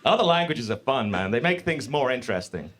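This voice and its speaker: A man doing a live stand-up set in a comedy club, profane and animated, speaking into a stage mic. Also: medium pitch, fairly quick, a little hiss or hum. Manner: profane, animated, mock-confident.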